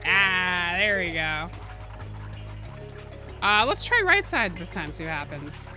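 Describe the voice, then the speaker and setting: A woman streaming a video game, commenting out loud, joking and exclaiming as she plays. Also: lowish voice, slow pace, soft background music. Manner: animated, exclaims and laughs often, jokes with chat. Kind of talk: live gaming commentary.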